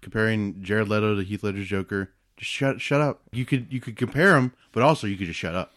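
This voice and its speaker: A man's voice: on the low side, brisk, a bit bright, dry recording, clean studio sound. A man in his twenties co-hosting a casual podcast chat, talking expressively and often slipping into mock voices and quotes. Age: 20s. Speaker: podcast co-host.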